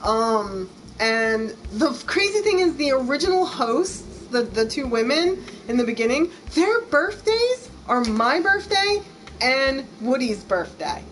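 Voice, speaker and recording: A woman's voice: high voice, big pitch swings, a little slow, a bit bright, a little hiss or hum, rough recording. An American woman streaming a game, chatting casually, gushing and laughing easily. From United States. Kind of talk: casual let's-play chat.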